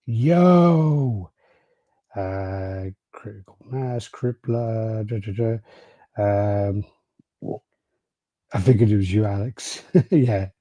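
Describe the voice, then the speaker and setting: A British man co-hosting a casual podcast, telling stories with frequent swearing and laughter. His voice is mellow and slightly husky. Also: fairly low pitch, extremely slow, long pauses, no room sound, dull audio. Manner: storytelling, swears freely, laughs often. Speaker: podcast co-host. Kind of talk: casual chat.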